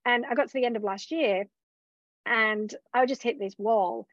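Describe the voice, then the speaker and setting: A woman's voice: fairly high pitch, moderate pace, a bit bright, dry recording. A woman business coach being interviewed, talking openly and reflectively about her own journey, often voicing her own past thoughts aloud. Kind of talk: candid conversational interview. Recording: dull, dry lo-fi recording.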